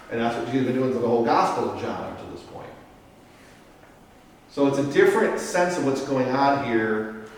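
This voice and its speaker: A man's voice: medium pitch, moderate pace, far from the mic. Guy priest teaching bible study, keeps asking "okay?", mic way off, big echo, faint hum. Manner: explains step by step, checks in with "Okay?". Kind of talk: casual teaching lecture. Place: parish meeting room. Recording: echoey room, voice picked up from afar.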